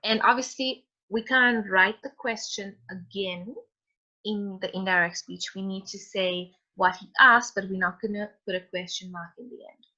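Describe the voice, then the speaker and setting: Bright-voiced woman teaching an online class. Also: mid-range voice, fairly even intonation, moderate pace, lo-fi sound. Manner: encouraging, calls on students by name. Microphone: video call.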